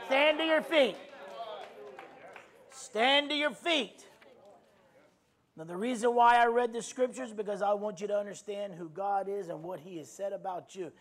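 A man preaching a sermon, leading the congregation in loud, emphatic call-and-response declarations and repeating his phrases. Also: high-pitched, some chatter behind. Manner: emphatic, repeats phrases, stretches words slowly while shouting. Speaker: pastor.

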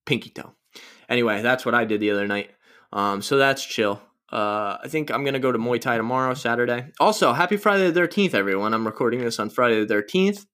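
A man's voice: medium pitch, quick pace, fairly bright tone. A young man hosting a casual solo podcast, rambling through stories with crude, self-mocking jokes. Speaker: podcast host.

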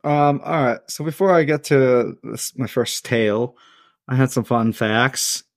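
A man's voice: mid-range voice, steady tone, unhurried, creaky, no echo, studio quality. A man hosting a podcast, reading a story from a script in a laid-back way with casual asides. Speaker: podcast host.

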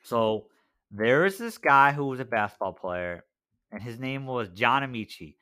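A man's voice: medium pitch, expressive, moderate pace, pushed and bright, smooth. A man co-hosting a casual podcast, telling a story in a chatty way, full of "like" and "right?". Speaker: podcast co-host.

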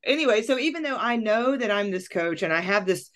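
A woman coach and host telling a personal story in casual conversation, acting out her own thoughts with lively emphasis. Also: medium pitch, brisk.

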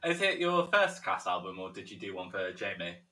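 Male interviewer, lively pitch, distant roomy mic, brief friendly prompts. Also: brisk. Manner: brief encouraging reactions, laughs along. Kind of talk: casual interview chat.

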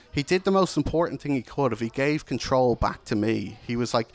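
A man's voice: medium pitch, fairly quick, few pauses. A man, candidly and reflectively telling a personal story of struggle to an audience. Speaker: speaker sharing a personal testimony.

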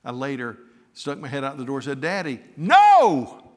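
An older man preaching a sermon, moving from a tender, emotional story to fervent appeals to the congregation. His voice sits at an ordinary middle pitch and carries a long reverb, as if it were filling a large hall. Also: level tone, quick pace, fairly bright tone.

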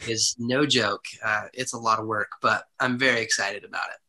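A man, a podcast guest, telling a personal story in an animated way, acting out the people in it. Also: fairly low pitch, moderate pace. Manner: animated, vivid retelling with acted quotes.

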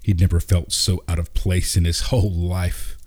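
Brief: calm male narrator for a storybook, deep and mellow. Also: moderate pace. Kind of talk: storybook reading.

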